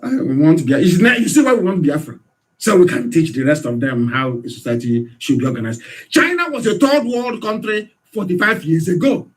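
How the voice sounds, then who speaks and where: This radio broadcaster, a Nigerian man with a high voice, speaks at a normal pace with big swings in pitch. His political address is impassioned: he badgers his audience with rhetorical questions and occasionally breaks into shouts.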